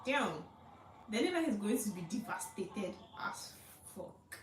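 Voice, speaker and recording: A woman's voice: mid-range voice, sing-song, measured pace, echoey room, recorded from a distance, a little hiss or hum, poor audio. A young Nigerian woman chatting casually and recapping reality show drama in a gossipy, filler-heavy way. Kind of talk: casual commentary.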